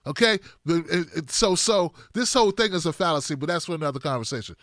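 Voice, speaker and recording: High, bright-voiced emphatic male commentator. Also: fast, dry recording, studio quality. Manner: animated and emphatic, repeats points for stress. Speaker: political commentator, host. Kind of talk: casual political commentary monologue.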